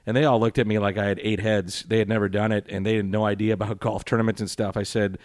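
Dry-humored middle-aged man, low voice. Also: steady tone, quick pace, few pauses, a little mellow, dry recording. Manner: dry, sarcastic, rambling storytelling. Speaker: sports broadcaster. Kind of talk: interview answers.

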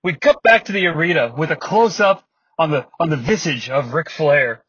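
Husky high-voiced man, wry, keeps laughing. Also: big pitch swings, normal speed, a bit bright, no echo. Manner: laughs often, wry, rambling asides. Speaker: podcast host. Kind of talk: comedic wrestling recap. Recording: dry, slightly muffled podcast mic.

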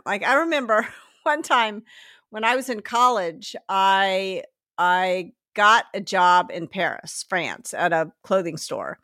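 A woman's voice: medium pitch, a bit bright, no echo, clean studio sound. A woman from the American South co-hosting a podcast, telling stories in a chatty way and laughing often. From Memphis, US South. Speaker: podcast co-host. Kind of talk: casual conversation.

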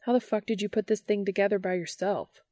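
A woman's voice: medium pitch, steady tone, fast, dark tone, no echo, clean studio sound, natural voice. A woman reading an audiobook, voicing a cheerful, teasing young man in an easygoing way.

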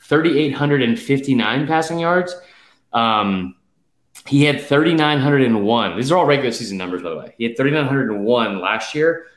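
A man's voice: medium pitch, expressive, echoey room. Emphatic man rattling off stats, slightly breathless. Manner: rapid stat-heavy, emphatic, with fillers. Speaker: podcast host. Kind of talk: casual sports betting chat.

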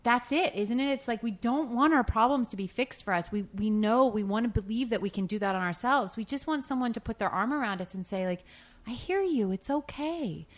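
A woman in her thirties, co-hosting a casual talk, telling animated stories and acting out what people said. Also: a little high, a little fast, hardly any pauses. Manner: animated storytelling, acts out quotes. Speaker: podcast co-host. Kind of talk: casual conversation.

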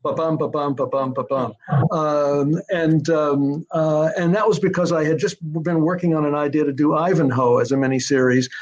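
A man's voice: fairly high pitch, moderate pace, few pauses, a little mellow. Older man telling stories, lo-fi sound. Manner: rambling, many fillers and restarts, taps out rhythm aloud. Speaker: guest screenwriter. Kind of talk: anecdotal storytelling interview. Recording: dull lo-fi sound.

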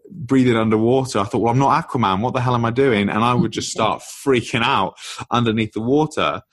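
Male podcast guest, lowish voice, animated explainer, dry close-miked sound. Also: dry recording. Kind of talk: explanatory conversational talk.

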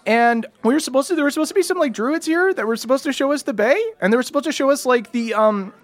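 A man's voice: very high voice, quick pace, voice pushed up. A man voicing a nervous young male halfling scoutmaster who stammers and rambles. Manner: stammering, rambling, filler-heavy.

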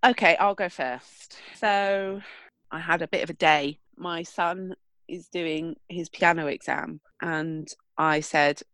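A middle-aged woman co-hosting a casual chat, telling animated stories and acting out what people said. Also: lowish voice, slow, no room sound. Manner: animated storyteller, acts out quotes. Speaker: podcast co-host.

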